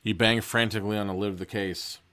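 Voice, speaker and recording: Low-voiced man reading a book aloud. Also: steady tone, fast, bright, forceful tone, clear, resonant tone. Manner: reads casually, breaking off for joking asides. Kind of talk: casual read-aloud with commentary.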